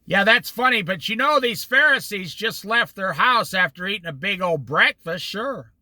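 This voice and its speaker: High, bright-voiced male Bible teacher. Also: normal speed, no echo. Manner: animated storytelling with acted quotes. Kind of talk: informal Bible study teaching.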